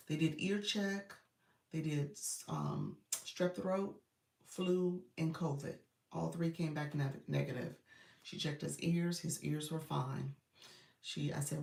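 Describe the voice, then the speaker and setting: A woman's voice: lowish voice, gravelly, a little mellow. A woman coach chatting casually on a live stream, loose and talkative with lots of fillers. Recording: roomy, distant phone audio.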